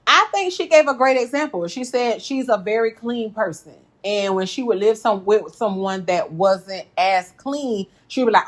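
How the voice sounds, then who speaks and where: Animated woman chatting to viewers. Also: mid-range voice, moderate pace. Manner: animated, laughs often, addresses viewers as y'all. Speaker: reality TV recap host. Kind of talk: casual reaction commentary.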